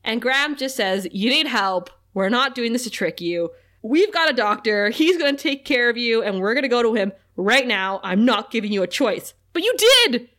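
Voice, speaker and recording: A woman co-hosting a casual recap podcast, animated and laughing often as she retells scenes. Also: a little high, normal speed. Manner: animated, laughs often, reads quotes in a flat aside voice. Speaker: podcast co-host.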